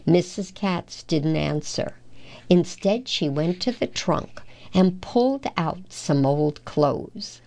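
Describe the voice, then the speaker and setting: A woman reading a children's storybook aloud in an unhurried, careful way. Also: fairly low pitch, gravelly, dark tone. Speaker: storybook reader.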